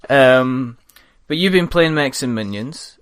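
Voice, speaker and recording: A man's voice: medium pitch, animated, slow pace, fairly bright tone, smooth, dry recording. A man hosting a gaming podcast, chatting casually in a rambling, jokey way. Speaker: podcast host. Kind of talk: casual chat.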